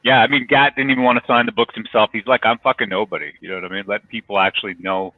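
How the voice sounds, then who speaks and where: A man's voice: medium pitch, fast, no room sound. A man in a casual livestream chat, talking loose and profane, hyping plans. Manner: loose, profane, hype talk. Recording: tinny phone-like call audio.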